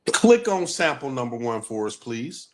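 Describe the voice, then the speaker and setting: A man's voice: medium pitch, big pitch swings, unhurried. A man giving an emphatic livestream talk, repeating key points with a Black lilt. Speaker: guest presenter.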